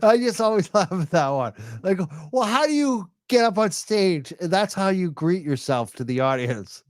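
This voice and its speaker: A man talks over a video with mocking, crude commentary, laughing at what he sees. His pitch swings widely as he jokes. The sound is dry and close. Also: animated, normal speed, few pauses, no echo. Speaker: commentator reacting to event footage.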